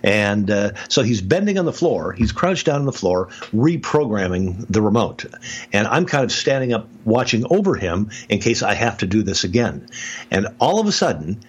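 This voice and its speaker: A man telling a story in a casual podcast conversation, animated, with many restarts and sudden jumps in pitch. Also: moderate pace, husky, muffled recording. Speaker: podcast guest expert, speaker and author.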